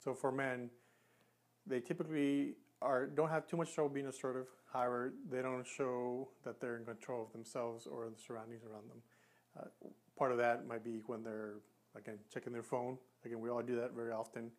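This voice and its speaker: A communication coach, an earnest man, speaks directly to the camera in an instructional talk about habits and how to fix them. His plain, mid-pitched voice is flat and fairly quick, and he often breaks off and restarts sentences while demonstrating.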